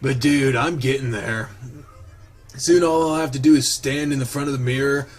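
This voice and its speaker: A man's voice: medium pitch, normal speed, natural voice. A man voicing a lazy, crude, joking young male goat character.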